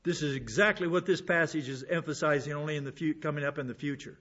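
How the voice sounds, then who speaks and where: A man's voice: a little high, fast, fairly bright tone, muffled recording. A man giving an informal Bible lesson, chatting along, repeating words and asking rhetorical questions. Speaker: Bible teacher.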